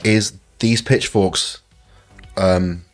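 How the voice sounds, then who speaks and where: An excitable man hosting a live stream and walking through trading charts. He keeps repeating "look" and laughs often. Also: low-pitched, very slow. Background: faint backing music.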